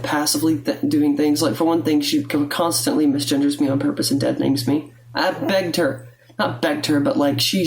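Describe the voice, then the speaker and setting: A young adult woman, vlogging at home in a blunt, profane, rambling way, her throat rattly with phlegm. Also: low-pitched. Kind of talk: casual confessional talk to camera. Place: at home, indoors.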